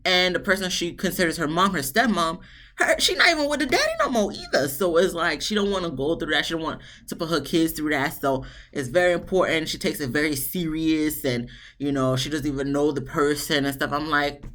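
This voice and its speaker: Chatty woman reviewing a TV show. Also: brisk. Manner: chatty and animated, jumps into high-pitched asides. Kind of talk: casual solo review chat.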